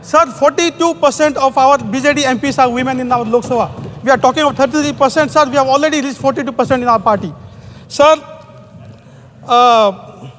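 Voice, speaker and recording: A man's voice: very high voice, brisk, fairly bright tone, slight background noise. A man from Odisha with an Indian English accent giving a formal parliamentary speech, addressing the chair as "sir" again and again. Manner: formal, peppers every phrase with "sir". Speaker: member of parliament. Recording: long reverb of a large chamber.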